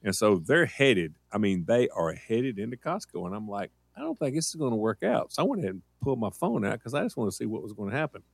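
Lively man telling a story on radio. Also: fairly low pitch, fast talker, gravelly, few pauses, breathy edge, no room sound. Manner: animated storyteller who acts out voices. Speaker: radio show co-host. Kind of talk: casual storytelling on morning radio.

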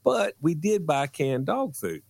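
Animated man telling a story. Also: gravelly, dry recording. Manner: animated, drawn-out storytelling with high-pitched quoted voices. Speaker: radio show guest. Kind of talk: casual storytelling.

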